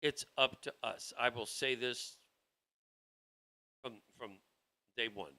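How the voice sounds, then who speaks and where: A man's voice: medium pitch, takes it slowly, sharp tone. A man hosting a political talk show, delivering a rambling, heated monologue with frequent restarts. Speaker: show host.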